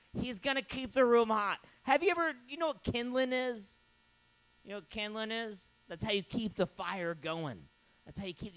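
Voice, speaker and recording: A man hosting a comedy open mic, tipsy and rowdy, joking and hyping up the crowd between acts. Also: sits high. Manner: rowdy, joking, hypes up the crowd, shouts bits. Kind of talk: emceeing a comedy night.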